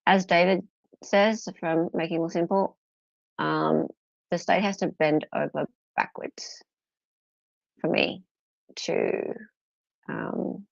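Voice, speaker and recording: An Australian woman hosts a livestream, reading her chat and bantering with it casually and playfully. Her voice sits low with vocal fry and no echo, though the recording has a dull lo-fi sound.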